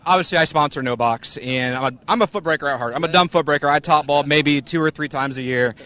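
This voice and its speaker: A man who just won a race, talking casually in a trackside interview, relaxed and full of "like". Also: a little high, fast talker. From United States. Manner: relaxed, peppers speech with "like". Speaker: race winner and sponsor. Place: outdoors at a drag strip.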